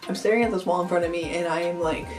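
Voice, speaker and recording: Talking very fast in a fairly low, fairly flat voice, a young woman shares a storytime vlog, packed with "like" and chatty asides. Her echoey room, faraway mic, and quiet background music are audible.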